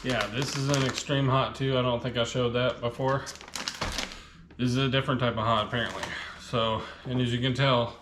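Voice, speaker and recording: A man's voice: mid-range voice, echoey room, background noise. A man casually reviewing spicy chips on his vlog, chatting with his mouth full while the heat burns. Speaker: food reviewer.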